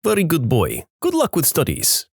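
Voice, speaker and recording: A man's voice: a little high, huge pitch swings, normal speed, vocal fry, breathy edge, no room sound, clean studio sound, voice pushed up, full character voice. A man voicing an elderly Russian woman, blunt and kindly, with a thick Russian accent and broken, terse English. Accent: Russian, put on.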